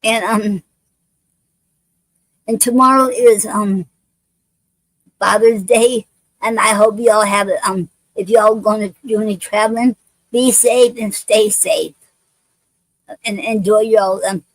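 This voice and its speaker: Woman host of an online poetry show, unhurried and halting, reads gently, dry untreated sound. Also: mid-range voice, fairly even intonation, no room sound, poor audio. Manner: halting, many fillers and restarts. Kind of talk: reading poems aloud and chatting.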